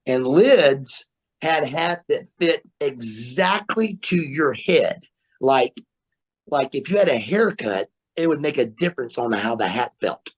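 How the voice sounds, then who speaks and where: A man guesting on a podcast, telling stories in an animated way, repeating words and laughing as he goes. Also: mid-range voice, slow. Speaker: guest, former wrestler. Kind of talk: storytelling interview. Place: remote interview, podcast.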